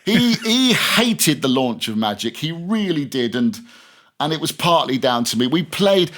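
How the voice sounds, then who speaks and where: The voice of this veteran radio man is fairly high, a bit bright, and very animated, though a little slow. Interviewed on a casual podcast, he's chatty and anecdotal, restarting often and laughing through his tales.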